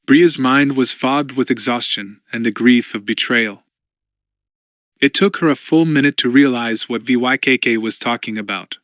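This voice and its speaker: A man narrates an audiobook from a script, telling the story in a measured, even way. His voice is mid-range, and the recording is clean studio sound with no echo.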